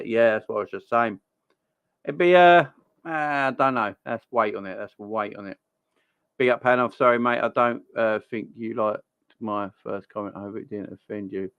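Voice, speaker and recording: A man's voice: mid-range voice, a bit bright, clear, resonant tone, dry recording. Chatty Cockney man hosting a live stream. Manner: chatty, repeats himself, greets viewers by name. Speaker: football live-stream host. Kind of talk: casual live-stream chat, reading viewer comments. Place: home, children in next room.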